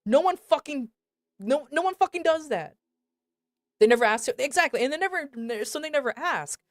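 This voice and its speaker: A woman's voice: high-pitched, normal speed, no echo, studio quality. A woman streamer telling a story to her chat in a casual, rambling way, swearing often. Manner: swears a lot, animated and rambling.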